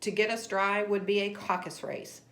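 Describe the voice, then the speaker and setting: A woman's voice: medium pitch, steady tone, normal speed, fairly bright tone, lightly acted. A woman doing a sensible dodo bird. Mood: helpful. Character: helpful, sensible old male dodo bird. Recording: roomy echo.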